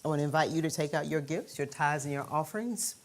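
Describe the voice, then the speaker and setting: A woman minister with a low voice leads her congregation in prayer. She speaks in a calm, measured way and softens into quiet affirmations. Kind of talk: sermon and offering prayer.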